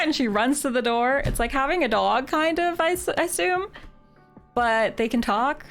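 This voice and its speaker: High-voiced and fairly bright, this game streamer from Canada talks to her live audience at a moderate pace. She's casual, chatty and giggly, dropping "like" often, with soft background music behind her.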